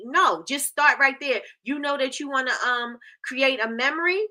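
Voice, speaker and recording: Animated woman coaching on a live stream. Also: high-pitched, normal speed, hardly any pauses. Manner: animated, conversational, acts out customer voices, repeats "you know what I'm saying".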